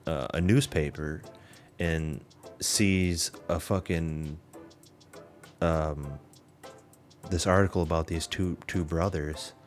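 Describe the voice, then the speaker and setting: Very deep-voiced man telling a story casually. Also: steady tone, slow pace, pauses often, faint music behind. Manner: rambling storytelling with frequent swearing and fillers. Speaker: podcast host. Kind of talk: casual chat.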